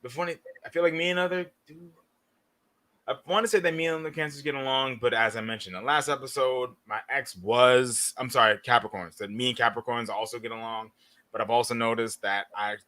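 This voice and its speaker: A man's voice: mid-range voice, sharp tone. A young man on a podcast, speaking in a loose, rambling way with a dry sarcastic edge. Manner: loose and rambling, many fillers, dryly sarcastic. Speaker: podcast co-host. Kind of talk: casual podcast chat.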